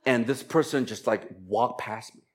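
A man preaching as a pastor, moving from slow, emphatic scripture reading into a chatty, laughing personal story. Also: mid-range voice, crowd noise. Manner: conversational, animated storytelling with laughs and quoted voices.

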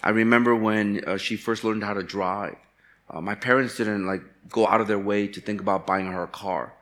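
A pastor from Chicago preaching a sermon, telling candid personal stories with self-deprecating humor. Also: male voice, lowish voice, fairly even intonation, normal speed, fairly bright tone. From Chicago, USA.

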